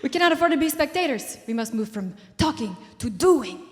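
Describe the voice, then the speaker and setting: A man's voice: extremely high pitch, animated, fairly quick, in a large hall, pitched above the performer's own voice. A woman imitating an earnest male Colombian motivational speaker, with a Colombian accent and emphatic, rousing delivery.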